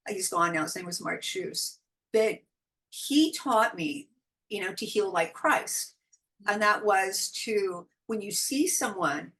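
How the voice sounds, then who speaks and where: A middle-aged woman from the United States, a guest telling spiritual stories in casual interview chat, animated and quick to laugh. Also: mid-range voice, low-quality recording. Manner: animated storytelling, frequent laughs, acts out quoted voices. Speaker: guest, intuitive guide.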